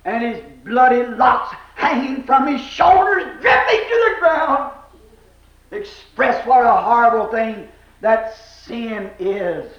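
A man preaches a fervent revival sermon in a very high voice, drawing his words out slowly. He swings between shouted cries and hushed, low lines. The recording is echoey and dull, like an old tape of a church service.

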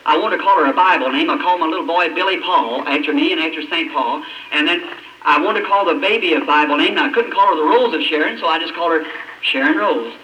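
A man preaching an emotional testimony, his voice breaking and climbing high, with long dramatic pauses. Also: bright, forceful tone. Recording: old echoey hall recording from a distance, faint hiss.

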